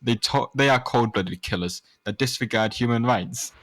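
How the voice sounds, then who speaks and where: A man's voice: medium pitch, moderate pace, fairly bright tone, no room sound. Young man reading fanfic in a mock-dramatic way. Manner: sarcastic, overacted reading, stumbles over words. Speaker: reader of a fanfic with friends. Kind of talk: mocking dramatic read-aloud.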